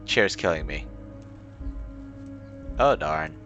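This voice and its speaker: Young male let's-player, wry and joking; bright, animated delivery. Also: a bass voice, takes it slowly, lo-fi sound, soft background music. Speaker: let's play gamer. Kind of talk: casual game commentary.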